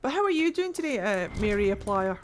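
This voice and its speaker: A woman with a Scottish accent streaming a game from home, chatting casually with viewers, excitable and swearing freely. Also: medium pitch, a little fast, slight background noise. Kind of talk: casual livestream chat while playing.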